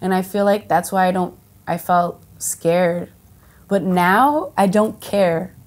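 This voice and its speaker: An actress from the United States of Dominican heritage, chatting casually in an interview, full of fillers and restarts and lively quoted voices. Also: female voice, lowish voice, takes it slowly. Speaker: actress and singer, guest.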